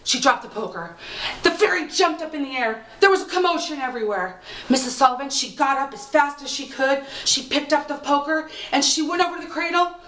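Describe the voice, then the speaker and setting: A woman telling a folk tale aloud with expressive, dramatic pacing, recorded from a distance in an echoey room. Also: high-pitched, brisk. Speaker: storyteller. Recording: roomy, distant mic.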